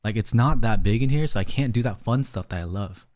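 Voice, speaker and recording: A man's voice: on the low side, brisk, a little mellow. A man streaming live from a small room, chatting casually and rambling to his viewers, a little out of breath. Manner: chatty, rambling, talks to chat as "fam".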